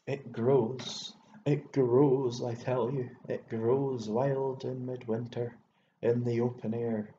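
A man voicing a fussy, excitable elderly bachelor landowner who rambles and exclaims, stammering when worked up, in an audiobook reading. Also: medium pitch, unhurried, lightly acted. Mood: rambling. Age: older. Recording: echoey room, dull lo-fi sound, faint hiss.

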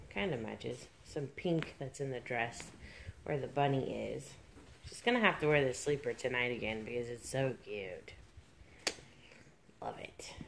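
A woman's voice: low voice, fairly bright tone, slight background noise. A woman hosting a doll vlog, gushing and cooing over tiny outfits and cracking jokes. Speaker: reborn doll channel host. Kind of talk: casual vlog chat.

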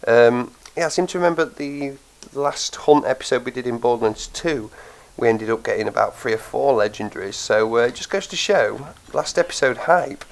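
Speaking at normal speed with medium pitch and vocal fry, this gaming host barely pauses, and the recording is rough. Worn out by a cold and a blocked nose, he casually talks through his gameplay, thinking aloud and saying um a lot.

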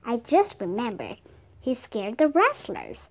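A woman's voice: on the high side, wildly swooping pitch, unhurried, vocal fry, exaggerated voice. A woman reading as an eager young boy. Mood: earnest. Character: curious earnest young boy.

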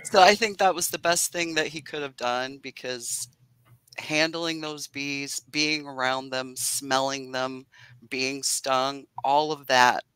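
A chatty woman beekeeper speaks over a video call, earnest and given to laughing between thoughts. Her voice is bright and ringing. The sound is dry and close, with no room in it. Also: rumbling low, steady tone, slow pace, smooth, no room sound, rough recording. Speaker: beekeeper guest. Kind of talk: casual video-call interview.

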